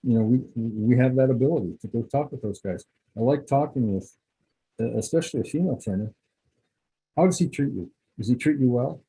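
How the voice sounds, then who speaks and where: A man's voice: medium pitch, brisk, warm tone, slightly rough, rough recording. A middle-aged man, a football scout, giving a casual, rambling clinic talk full of anecdotes.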